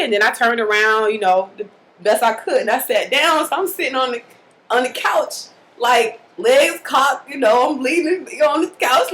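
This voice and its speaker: Woman, casual storytelling, animated and colloquial, higher voice, bright tone. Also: moderate pace, low-quality recording. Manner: animated, colloquial, acts out the scenes. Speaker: mother telling a birth story.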